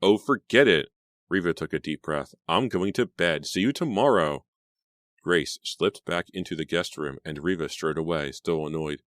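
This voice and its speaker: A man narrating an audiobook in a steady storytelling manner. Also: very deep voice, no echo, studio quality.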